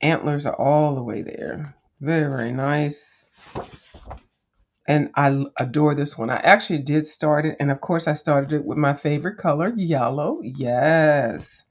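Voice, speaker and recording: A woman's voice: low-pitched, measured pace. A woman chats casually as she pages through a coloring book, rambling from thought to thought with plenty of ums and restarts. She talks straight to her viewers, calling them "girl" and tossing in sassy little "mm-mm"s. The recording sounds a bit dull and lo-fi. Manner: rambling and chatty, with many fillers and restarts. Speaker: coloring channel host.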